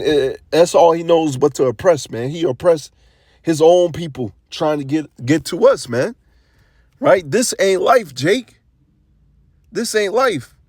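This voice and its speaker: A man delivers an informal sermon, mixing scripture readings with loose street-style commentary. His voice sits at an ordinary middle pitch. The recording is dry, with no room sound. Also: a little mellow, no room sound. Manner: slangy, conversational, reads verses aloud then riffs. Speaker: scripture teacher. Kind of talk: casual online sermon.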